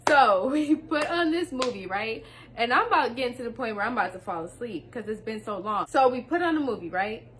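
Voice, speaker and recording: A young woman, telling a story to her viewers in a casual vlog, animated and laughing as she talks. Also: fairly high pitch, fairly quick, a little hiss or hum.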